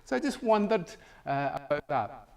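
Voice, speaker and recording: A man's voice: on the high side, big pitch swings, normal speed, vocal fry, noisy background. A middle-aged man, a professor, giving a humorous meetup talk, chuckling often and acting out both sides of a conversation. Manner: jokey storytelling, chuckles often, acts out dialogue. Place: meetup venue room.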